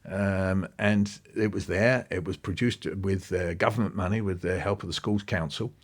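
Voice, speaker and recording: A man, an interview guest talking with lively enthusiasm and acting out bits of what he describes. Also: low-pitched, normal speed. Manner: animated, quoting and acting out passages. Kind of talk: podcast interview.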